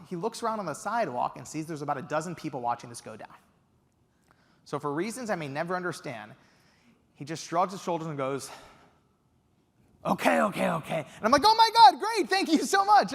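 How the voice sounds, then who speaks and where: A young man giving a keynote speech, telling an animated story with excited quoted outbursts. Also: fairly high pitch, a little fast. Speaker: keynote speaker. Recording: reverberant hall.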